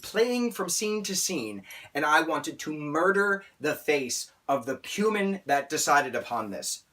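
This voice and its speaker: A man ranting through a film review in an animated, exasperated and theatrical way, with sarcastic outbursts. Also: a little high, measured pace.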